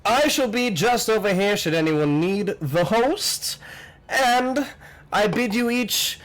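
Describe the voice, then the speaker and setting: A man voicing a pompous, flustered older male host who dresses like a wizard, in a fussy high voice that stumbles over words. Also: lively intonation, slow pace, fairly bright tone, full character voice, low-quality recording.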